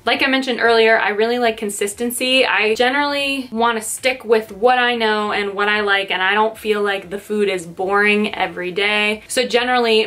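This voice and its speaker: Speaking to camera in her bedroom, a young woman in her twenties vlogs about lifestyle topics in a casual, upbeat way, with plenty of filler words. She has a mid-range, fairly bright voice and seems a little breathless.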